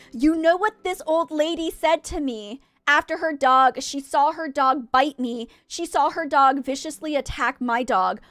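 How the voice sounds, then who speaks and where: Female streamer, 30s, high voice, lively casual storytelling over gameplay. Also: no echo. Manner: chatty, animated, swears and laughs often. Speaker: gaming streamer. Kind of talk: casual storytelling while gaming. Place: home office.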